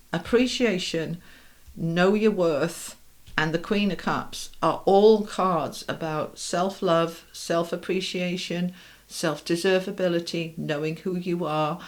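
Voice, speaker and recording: A middle-aged woman giving a tarot reading. She is direct and reassuring, asks rhetorical questions and keeps checking in with "okay?" and "all right?". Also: lowish voice. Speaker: tarot reader. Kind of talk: tarot card reading to camera.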